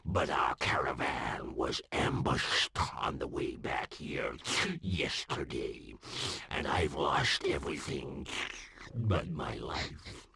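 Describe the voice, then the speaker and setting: Super deep gravelly merchant in an old game, slow and sly, hissy lo-fi audio. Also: male voice, pushed and bright, exaggerated voice. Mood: mournful. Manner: mournful then conspiratorial. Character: gloomy robbed male wine trader, sly schemer. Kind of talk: video game voice acting.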